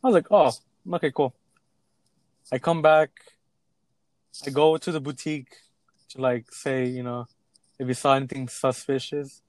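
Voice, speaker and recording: A man's voice: medium pitch, normal speed, pauses often, dry recording. A young man in casual chat, telling a work story with acted-out quotes and plenty of swearing. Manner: animated storytelling, acts out quotes, swears freely.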